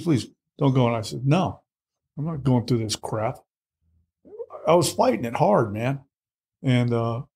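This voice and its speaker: A man's voice: mid-range voice, creaky. Blunt, salty older man telling his story. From United States. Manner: blunt, salty, animated retelling with acted quotes. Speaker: interview guest. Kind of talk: candid storytelling.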